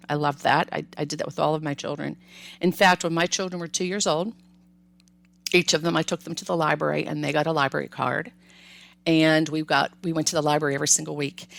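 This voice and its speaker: A woman's voice: low-pitched, vocal fry, fairly bright tone. An older woman, a grandmother, hosting a solo parenting podcast and giving advice in a friendly, chatty way with light laughs.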